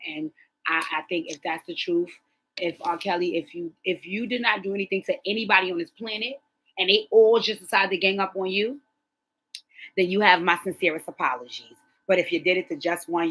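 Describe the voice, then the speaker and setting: Woman, host, casual opinion vlog, blunt, animated, repeats herself, bright forceful voice. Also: lowish voice, low-quality recording.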